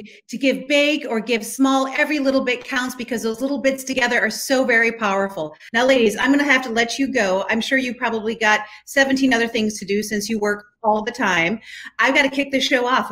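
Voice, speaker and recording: Playful woman host, higher voice. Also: brisk, a bit bright. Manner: playful, teasing. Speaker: show host. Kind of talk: casual banter.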